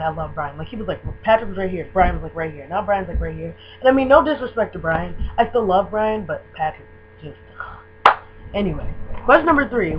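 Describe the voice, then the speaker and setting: Gushing young woman on lo-fi webcam audio. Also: medium pitch. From Michigan. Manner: gushing, excitable, filler-heavy fan talk. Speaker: vlogger. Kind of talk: casual fan tag video. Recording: dull lo-fi webcam audio with faint hum.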